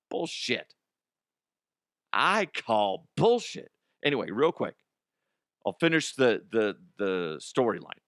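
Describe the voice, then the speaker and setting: A man's voice: fairly low pitch, very animated, takes it slowly, pauses often, a bit bright, no echo, studio quality. A middle-aged man hosting a comedy news show, rambling casually with profanity and lots of restarts.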